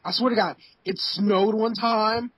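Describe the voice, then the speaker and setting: A man's voice: sits high, steady tone, unhurried, noisy background. A man in a casual podcast chat, ranting emphatically with lots of swearing. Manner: emphatic, profane, exasperated ranting.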